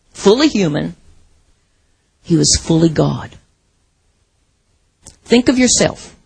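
A woman's voice: mid-range voice, vocal fry, darkish tone, breathy edge, rough recording. A woman preaching a sermon in a reflective, conversational way, asking the congregation rhetorical questions.

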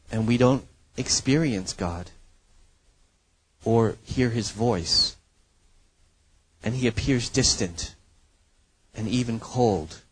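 A man's voice: lowish voice, husky, poor audio. A man preaching a sermon as pastor, earnest and emphatic, often checking in with the listeners. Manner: earnest, emphatic preaching with frequent "right?" asides.

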